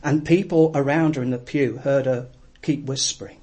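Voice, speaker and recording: A man preaching a sermon, telling a story in an earnest, reflective way with frequent pauses. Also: mid-range voice, steady tone, a little mellow, husky.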